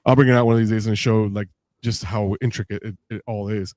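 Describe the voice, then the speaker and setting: Animated storytelling man, dry mic. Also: on the low side, fast talker, no room sound. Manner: animated storyteller, acts out quoted voices with laughs. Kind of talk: casual podcast chat.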